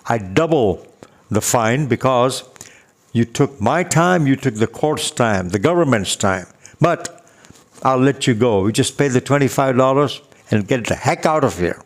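A man voicing a strict, sarcastic male traffic court judge, brisk and mocking. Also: medium pitch, lively intonation. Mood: sarcastic stern.

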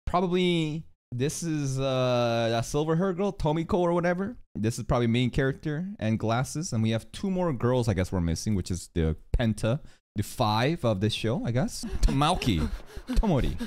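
Excitable, profane anime reaction streamer. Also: mid-range voice, moderate pace. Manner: excitable, profane, laughs often. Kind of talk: live reaction commentary.

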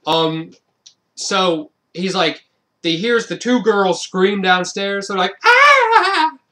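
A man's voice: high-pitched, fairly even intonation, takes it slowly, fairly bright tone. A man giving a casual, rambling film review, with lots of fillers and restarts and frequent amused laughs.

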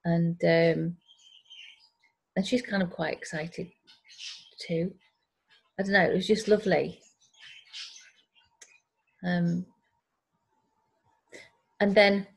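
A woman telling a rambling personal story in a casual group video call. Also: lowish voice. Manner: rambling storyteller who acts out quoted voices. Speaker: group member sharing a story. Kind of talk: casual chat.

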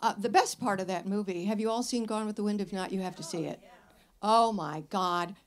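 A woman's voice: medium pitch, a little fast. Blunt, wry older woman host. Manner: blunt, wry, lively storyteller. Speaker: radio advice host. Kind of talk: live show talk with an audience. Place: radio studio with live audience.

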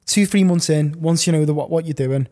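A young man talks casually as a podcast guest, winding through his stories with lots of fillers and restarts. His voice is a touch higher than most men's and has a mellow, warm tone. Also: fairly quick. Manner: rambling, filler-heavy storytelling. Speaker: podcast guest, online reseller.

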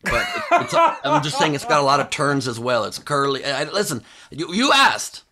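A man, a stand-up comedian, riffing deadpan in casual podcast banter. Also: fairly high pitch, normal speed, a little hiss or hum. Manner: deadpan, rambling, self-promoting jokes.

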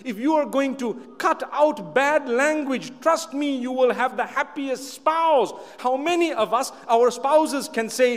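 High-voiced male preacher in a reverberant hall. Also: unhurried, few pauses. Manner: emphatic, repeats key phrases, light humorous asides. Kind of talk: sermon to a live audience. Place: large hall with an audience.

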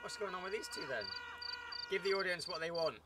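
Man, let's-play commentator, lively chatter, slightly high voice, noisy recording. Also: brisk. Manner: excitable, chattering, cheering the game on. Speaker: gaming YouTuber. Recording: loud background noise.

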